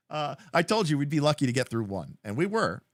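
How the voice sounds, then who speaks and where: A man co-hosting a livestream, chatting casually about tabletop games, rambling with lots of fillers and acting out scenes in quick voices. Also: a little high, big pitch swings, no echo, studio quality. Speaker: livestream co-host.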